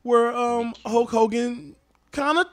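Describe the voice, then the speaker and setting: A man's voice: very high-pitched, steady tone, slow. A man co-hosting a podcast in casual chat, laid-back, laughing often and steering the talk. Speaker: podcast co-host.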